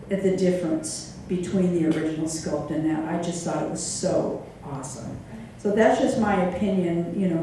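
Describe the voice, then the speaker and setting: A woman panel guest answering a question in a thoughtful, measured way. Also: on the low side, dark tone, slight background noise. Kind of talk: reflective answer. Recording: distant and echoey.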